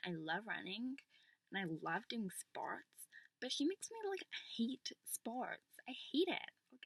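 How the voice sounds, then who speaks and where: Woman as teen girl vlogger, valley-girl chatter full of "like", fry-edged voice, dry close sound. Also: on the low side, sharp tone, no room sound, full character voice, low-quality recording. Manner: gushing valley-girl chatter, packed with "like" and "totally". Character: chatty teenage schoolgirl, human doppelganger among witches. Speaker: character vlogger. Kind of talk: amateur character vlog.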